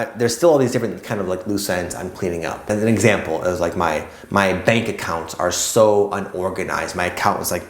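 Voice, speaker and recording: A man with a lowish, reverberant voice hosts a spiritual YouTube video, talking casually to the camera. He rambles a lot, filling his speech with "like" and "kind of."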